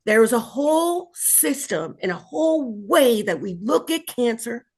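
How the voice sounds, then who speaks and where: A woman, a cancer survivor, telling her own story in an interview with emphatic, expressive delivery and frequent laughs. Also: fairly high pitch, measured pace. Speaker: colorectal cancer survivor and patient advocate.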